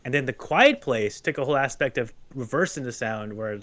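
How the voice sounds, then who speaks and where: A man on a podcast panel, talking casually with halting restarts and lots of filler words. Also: medium pitch, animated, fairly bright tone, dry recording. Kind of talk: casual chat.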